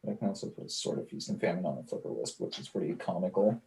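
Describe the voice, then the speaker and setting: Low voiced guy at a card table, talking through his plays, lots of ums. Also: animated, fast talker, gravelly, mellow. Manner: thinks aloud, hesitant, working out plays. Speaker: card game player. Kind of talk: casual tabletop play talk.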